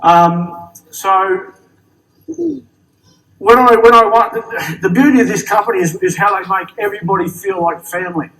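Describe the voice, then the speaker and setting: A man's voice: sits high, fairly even intonation, normal speed, fairly bright tone. A middle-aged Australian man gives a jokey, friendly motivational speech on stage at a company event, often repeating words as he restarts. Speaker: award-winning associate giving a stage speech. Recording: distant stage sound.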